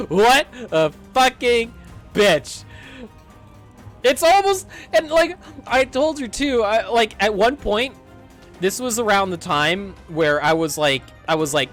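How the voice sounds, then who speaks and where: A man casually ranting through a story from his retail job, acting out the dialogue and swearing as he goes. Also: high voice. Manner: animated, acts out dialogue, swears and laughs. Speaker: streamer telling a work story.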